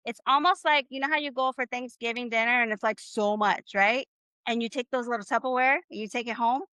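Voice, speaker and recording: A Spanish teacher with a high, bright, smooth voice and fairly even intonation leads her class live online. She is upbeat and encouraging, drawing out phrases slowly for repetition. The sound is dry and close like a video call, with no room sound.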